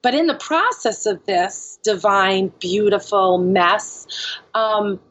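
A woman's voice: mid-range voice, takes it slowly, fairly bright tone, slightly rough, rough recording. A woman speaking as a podcast guest, telling her own story candidly and frankly, filling her speech with "like" and "you know.".

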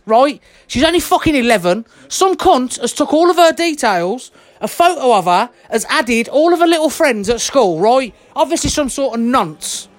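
A vlogger delivering an angry monologue rant, blunt and heated, swearing constantly and sweating. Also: sits high. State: worked up and sweating.

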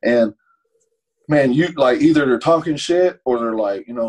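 Young male podcast guest, husky tone, lively profane storyteller. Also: medium pitch, normal speed, low-quality recording. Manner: animated, profane, acts out quotes in raised voices. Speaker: podcast guest, motivational speaker. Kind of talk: casual storytelling chat.

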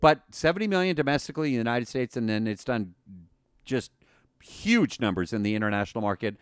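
A man co-hosting a podcast, talking casually and excitedly with many fillers and restarts. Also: mid-range voice, fairly quick, clear, resonant tone, dry recording, clean studio sound. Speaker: podcast co-host.

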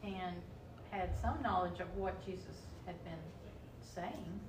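A woman's voice: on the low side, slow pace. Distant woman in an echoey room. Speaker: class member. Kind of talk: reading aloud and commenting in class. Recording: distant, echoey, phone-thin with loud noise.

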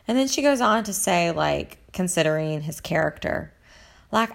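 A woman's voice: fairly low pitch, expressive, moderate pace, gravelly. A woman in casual chat, recapping reality TV in a chatty, gossipy, rambling way, full of fillers. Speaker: reality TV commentator.

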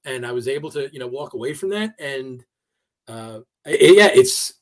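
A man being interviewed on a podcast, telling a personal story in a casual, halting way with many fillers and restarts. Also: mid-range voice, lively intonation. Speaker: podcast guest. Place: New York area.

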